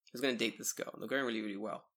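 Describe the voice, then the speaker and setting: A man co-hosting a casual podcast, swearing freely and telling stories with lively silly voices. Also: lowish voice, racing. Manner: swears a lot, animated storytelling with silly voices. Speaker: podcast co-host.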